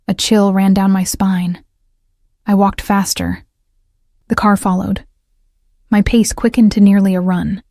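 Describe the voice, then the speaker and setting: A woman narrating a first-person romance story in a measured, scripted way. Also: medium pitch, mellow, no echo, studio quality.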